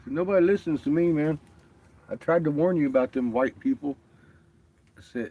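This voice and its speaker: A man's voice: a little high, normal speed, pauses often, dark tone, lo-fi sound. A man chatting casually on his vlog, telling stories with lots of swearing and laughter, acting out what others said. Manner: profane, laughing storyteller, quoting others. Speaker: vlogger. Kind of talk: casual chat.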